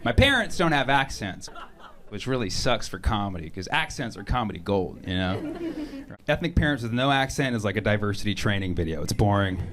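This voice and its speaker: Male stand-up comic with a lively voice, loud room noise behind the stage mic, playful and animated delivery. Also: lowish voice, brisk. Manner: animated, switches into mock voices for family and shoppers. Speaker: stand-up comedian. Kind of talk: stand-up comedy set. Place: comedy club stage before a laughing audience.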